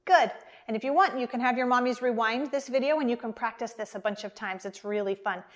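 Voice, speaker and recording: Speaking slowly and warmly encouraging small children, an American woman teaches a preschool lesson online. Her pitch leans high.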